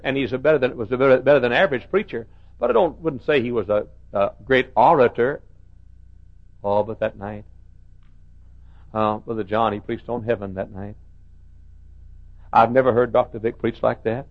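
A man preaches from the pulpit, his voice gravelly and rough at the edges. He tells stories softly, then rises into high, shouted cries. The recording is dull and muffled, like an old sermon tape. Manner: swings from soft storytelling to high shouted cries. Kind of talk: revival sermon.

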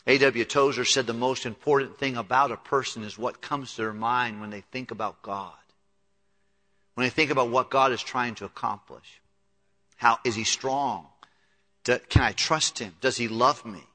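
A man's voice: mid-range voice, fairly even intonation, normal speed, bright, forceful tone. A man preaching a sermon as pastor, earnest and building to emphatic peaks, in a large church hall. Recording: long reverb of a large hall.

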